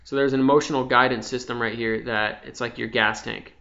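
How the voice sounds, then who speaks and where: A young man giving an impassioned, profane spiritual monologue, dropping from hushed to loud. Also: medium pitch, fairly even intonation, brisk, creaky. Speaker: vlogger. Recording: slightly dull lo-fi sound.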